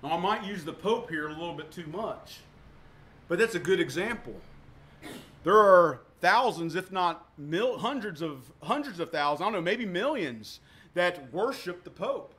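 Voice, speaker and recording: Male pastor preaching, high voice, bright, punchy, swings from loud to hushed. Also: expressive, moderate pace. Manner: emphatic preaching with sharp swings in volume; repeats words for emphasis. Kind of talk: sermon.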